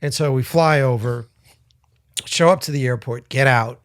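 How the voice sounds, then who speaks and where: His mid-range voice moves at normal speed, captured with studio quality and no echo. Co-hosting a podcast, he spins a profane, meandering story and animatedly quotes the characters in their own voices.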